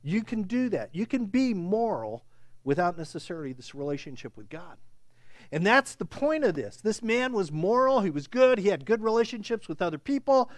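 A man's voice: sits high, big pitch swings, normal speed, no room sound. A male pastor preaching a sermon, speaking in a conversational way and checking in with "okay?".

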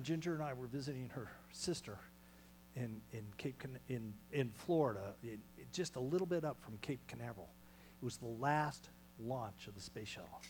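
A male pastor delivers a sermon in a small church, his mid-pitched voice rising to loud calls and then dropping to hushed, almost whispered lines. A faint electrical hum sits underneath the recording. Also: rough recording.

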